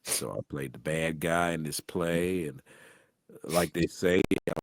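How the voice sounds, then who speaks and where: A middle-aged man from St. Louis with a deep voice, telling animated stories as a guest voice actor in a casual interview. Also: a little slow, noisy background. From St. Louis, USA. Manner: animated, acts out voices in anecdotes.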